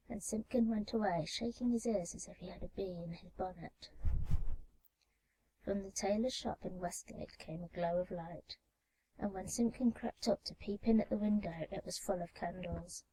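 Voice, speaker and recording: A woman reading a storybook tale calmly and gently, in a soft ASMR story reading recorded binaurally. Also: mid-range voice, normal speed, poor audio. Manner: calm, gentle. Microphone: binaural microphone.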